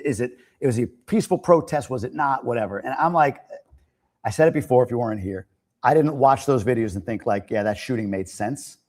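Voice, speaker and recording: A middle-aged man from the United States talks straight to his livestream audience in a loose, opinionated monologue. His voice sits at a medium pitch but swings widely, climbing high when he gets worked up or starts joking. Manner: animated, opinionated, laughs and rises to near-shouting when joking. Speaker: livestream host. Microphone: streaming mic.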